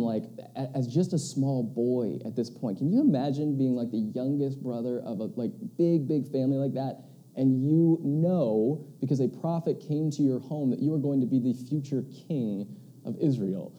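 A man's voice: medium pitch, normal speed, mellow. A man giving a casual, conversational sermon as a pastor, loose and chatty with many asides.

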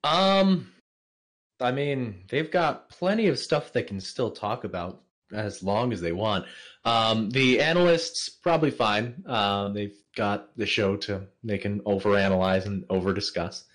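Hesitant man with a lively voice. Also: on the low side, measured pace. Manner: hesitant, many fillers, laughs easily. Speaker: interview guest. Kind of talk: casual podcast chat.

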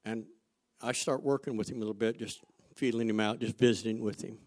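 A man preaching a sermon, asking the congregation rhetorical questions and telling stories from his own life, going from loud emphasis to quiet asides. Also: lowish voice, steady tone, fairly quick. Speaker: pastor.

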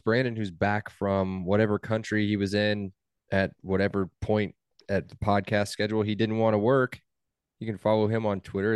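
A man's voice: lowish voice, a little mellow, clean tone, dry recording, clean studio sound. A young man hosting a casual sports podcast, talking in a wry, teasing way. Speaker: podcast host.

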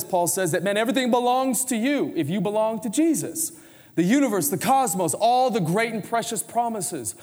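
Energetic pastor preaching in reverberant hall. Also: male voice, high voice. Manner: conversational, energetic preaching with audience prompts. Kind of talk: sermon. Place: church sanctuary.

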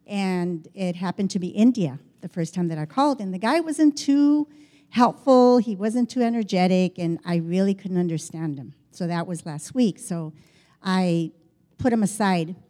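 A woman's voice: on the low side, normal speed. An older woman telling a personal story in a chatty way, acting out the dialogue as she goes. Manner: chatty, animated, quotes dialogue, frequent restarts.

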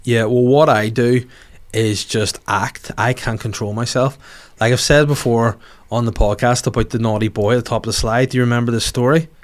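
A man in his thirties with a Northern Irish accent, a comedian hosting a podcast, telling animated comic stories with some swearing. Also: medium pitch, moderate pace. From Northern Ireland. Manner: animated, swearing, acts out voices in quotes. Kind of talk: comic storytelling.

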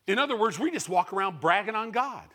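A male preacher delivers a sermon quickly in a high, lively voice that swings widely in pitch. His tone is bright and forceful, moving from loud bursts to quiet asides.

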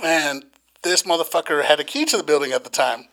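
A man telling a story in casual chat, animated and swearing constantly, acting out what people said. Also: fairly high pitch, brisk, vocal fry, very noisy.

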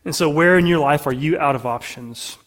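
A man with a slightly high voice delivers a sermon as a pastor. He speaks earnestly to the congregation, often dropping soft and low to press a point home. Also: a little fast.

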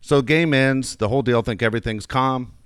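A man's voice: medium pitch, a little fast, a bit bright, smooth, dry recording, clean studio sound. A middle-aged man telling a long coaching story in casual chat, rambling with many restarts. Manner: rambling anecdotes with frequent restarts. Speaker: youth baseball coach.

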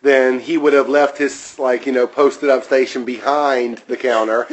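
A man's voice: medium pitch, steady tone, moderate pace. A man co-hosting a podcast in casual, crude chat, swearing constantly and sounding sarcastic. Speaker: podcast co-host.

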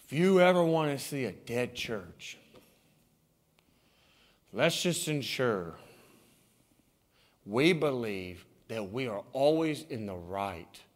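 A male pastor preaching a sermon, dropping to hushed tones and rising to shouts. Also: mid-range voice, big pitch swings, slow, long pauses. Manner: dramatic swings from hushed to shouting.

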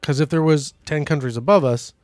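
Deadpan man hosting a comedy news bit. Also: a little high, brisk, no echo, studio quality. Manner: deadpan mock-newsreader delivery. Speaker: podcast co-host. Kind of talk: comedic podcast banter.

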